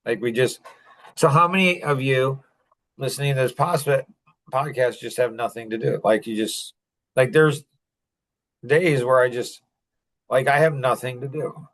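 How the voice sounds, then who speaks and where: A man's voice: medium pitch, measured pace, long pauses, fairly bright tone. A man hosting a podcast in a casual, rambling chat, chuckling often and saying "like" a lot. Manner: rambling, chuckling, heavy use of "like". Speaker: podcast host.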